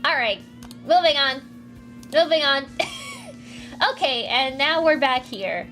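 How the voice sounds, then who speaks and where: A woman streams from her home with a fairly high voice, chatting and giggling between comic pages. She is quick to thank viewers, and faint music plays softly under her talk. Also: animated. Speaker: streamer reading comics aloud. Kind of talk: casual livestream chat. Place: home room. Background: faint music, dryer running.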